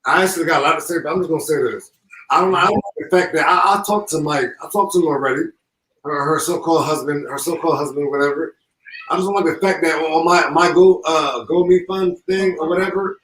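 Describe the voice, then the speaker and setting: A grieving father speaking through tears, halting and repeating himself with deep emotion. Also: a bit bright, a little hiss or hum. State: holding back tears. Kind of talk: emotional live call-in. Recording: echoey call from far off.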